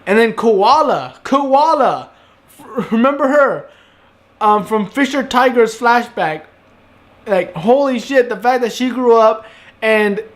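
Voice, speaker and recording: A man reviews an anime episode in a casual video, excitable and swearing freely. His voice sits high, and he gushes between stumbling fillers. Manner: excitable, gushing, profane.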